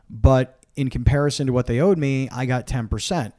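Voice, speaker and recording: Male podcast host, mellow warm tone, candid and rambling. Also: mid-range voice, brisk, hardly any pauses, no echo, studio quality. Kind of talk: casual interview chat.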